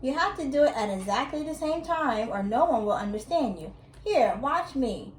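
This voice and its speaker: A serious, bossy little girl laying down the rules, voiced by a woman. High voice, heard in an echoey room. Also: animated, moderate pace, a little hiss or hum. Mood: firm. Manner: firm, instructive. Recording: roomy echo.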